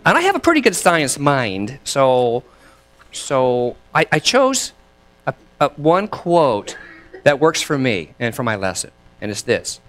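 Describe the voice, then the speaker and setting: Male minister, sermon, chatty delivery with a lively, swinging pitch, leads call and response. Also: measured pace. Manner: lively, chatty, laughs between thoughts.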